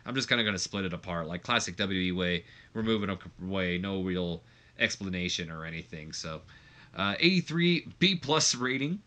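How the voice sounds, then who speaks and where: A man's voice: deep voice, lively intonation, normal speed, sharp tone. A man giving casual, rambling commentary over a wrestling management game, with many fillers. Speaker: gameplay commentator.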